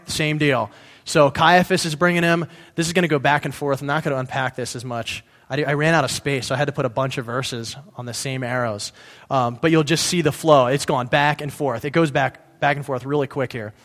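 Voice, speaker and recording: A pastor giving a casual sermon, reading scripture aloud and breaking off to explain it in a conversational way, sometimes correcting himself. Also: male voice, medium pitch, steady tone, fairly quick, fairly bright tone. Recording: long reverb in a hall.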